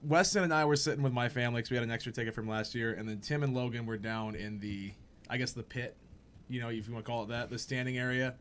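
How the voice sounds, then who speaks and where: A young man on a podcast telling a funny story in casual chat, animated and laughing, acting out the people he quotes. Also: medium pitch, fast, a little hiss or hum. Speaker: podcast host.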